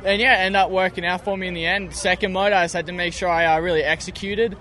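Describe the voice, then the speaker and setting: A man's voice: sits high, fairly even intonation, fast talker, sharp tone. A young man, a motocross racer, talking through his races in a rambling, upbeat way outdoors at a track. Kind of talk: post-race interview.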